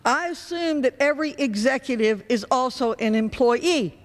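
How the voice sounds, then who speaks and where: A woman's voice: sits high, lively intonation, normal speed. A congresswoman making a pointed, polite objection on the floor of a large legislative chamber. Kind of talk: floor debate speech. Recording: long reverb of a large chamber.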